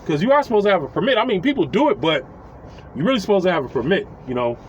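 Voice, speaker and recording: Give me a high-voiced, animated man telling a profane story with faint noise behind him. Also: rapid-fire, lo-fi sound. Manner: animated, chuckling, acts out quotes.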